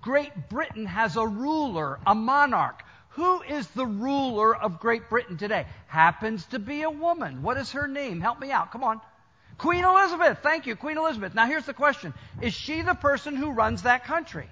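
A man's voice: very high voice, big pitch swings, normal speed, sharp tone. An older American man preaching a sermon to a congregation, emphatic and full of stories, in a dull lo-fi recording. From United States. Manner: emphatic, storytelling, addresses congregation directly. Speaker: preacher, college chancellor.

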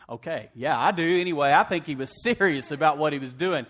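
A man preaching a sermon to a church congregation, asking "amen?" and swinging from hushed asides to loud emphasis. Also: a little high, brisk. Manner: call-and-response preaching, asks congregation "amen?". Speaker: pastor.

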